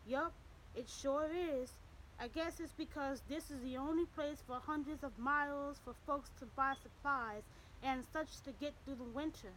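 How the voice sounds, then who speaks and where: An easygoing young cowboy in an audiobook western, voiced by a woman reader. He speaks plainly in a folksy drawl, with a high-set voice. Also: a little slow, a bit bright, a little hiss or hum, poor audio.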